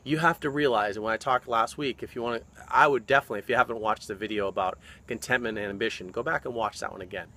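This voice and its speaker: Fitness coach, male, bright and forceful, animated motivational delivery, mid pitch. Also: fast talker, few pauses. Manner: animated, often checks in with "okay?" and "right?". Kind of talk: motivational vlog talk.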